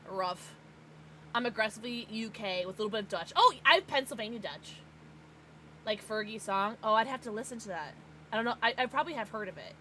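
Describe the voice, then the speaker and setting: An American woman livestreaming, chatting casually with her viewers in an excitable, bubbly way. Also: mid-range voice, slight background noise. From United States. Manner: excitable, bubbly, gasps and laughs often.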